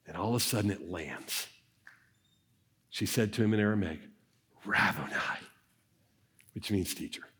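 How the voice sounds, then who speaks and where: A man preaching an Easter sermon, acting out the scenes of the story as he tells it, at times dropping soft and low. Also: normal speed, long pauses, husky. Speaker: pastor.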